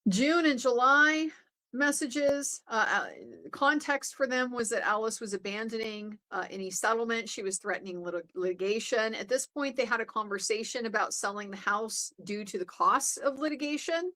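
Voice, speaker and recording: A woman's voice: fairly high pitch, normal speed, bright, forceful tone. A woman recapping a court trial as a commentator, talking in a loose, chatty way with many fillers and restarts. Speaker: legal commentator.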